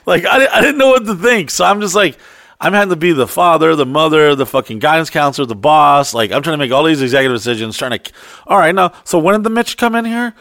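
Profane, animated storytelling man. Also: fast talker, dry recording, clean studio sound. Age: adult. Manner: profane, animated, acts out quotes in high voices. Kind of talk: casual storytelling chat.

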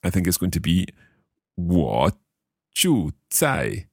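A man with a very low, gravelly voice talks in an unhurried, swooping way, as if chatting through a language lesson. He asks curious questions and repeats phrases slowly with the odd chuckle. The sound is close and dry, with no room around him. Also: huge pitch swings, no room sound. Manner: curious, chuckling, slow careful repetition. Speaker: podcast co-host learning Mandarin. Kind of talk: casual language-lesson chat.

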